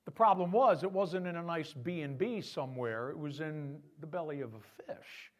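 A man preaching a sermon as pastor, in an animated, conversational way. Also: on the high side, moderate pace.

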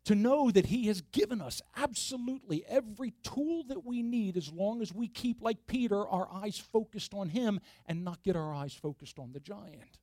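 A man's voice: high-pitched, moderate pace, hardly any pauses, mellow, dry recording, clean studio sound. A man preaching a sermon, emphatic and full of rhetorical questions to the congregation.

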